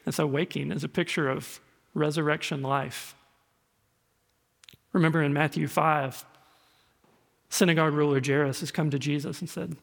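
A man's voice: fairly high pitch, fairly even intonation, normal speed, gravelly, pauses often. A male pastor preaching a sermon in a conversational, storytelling way, often repeating words. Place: church sanctuary. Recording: echoey hall reverb.

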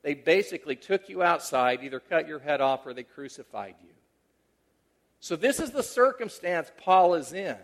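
Middle-aged pastor, conversational sermon storyteller. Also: male voice, a little high, moderate pace. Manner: conversational, moving between animated emphasis and hushed, tender delivery.

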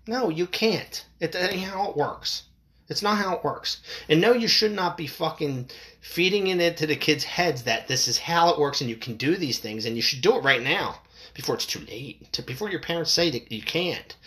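An adult parent delivering a heated, profane opinion rant to camera, voice jumping higher when worked up. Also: sing-song, normal speed, a bit bright.

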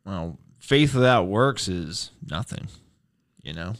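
A man co-hosting a podcast chat, quick with a joke and laughing easily. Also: deep voice, animated, a bit bright. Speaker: podcast co-host. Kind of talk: casual interview chat.

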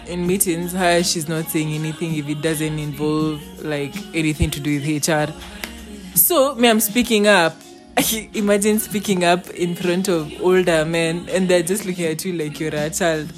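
A young woman, telling a story in casual chat and acting out the quotes in it. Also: fairly low pitch. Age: young adult. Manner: animated, acts out quotes.

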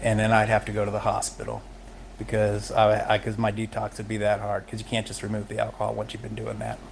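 A man's voice: fairly low pitch, gravelly, slight background noise. A middle-aged man, a podcast guest, telling his own story of recovery in a candid, emotional way, often laughing as he talks. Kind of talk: personal recovery story in conversation.

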